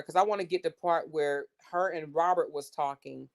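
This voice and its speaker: A woman with a deep voice hosts a casual livestream, reading text messages aloud to her viewers at a moderate pace. She sounds exasperated and blunt, and she swears freely.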